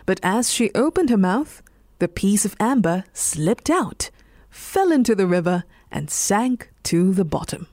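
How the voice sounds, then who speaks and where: A woman with a Singaporean English accent, reading a bedtime story in a slow, soothing voice. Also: medium pitch, dry recording, studio quality. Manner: slow, soothing, lively intonation.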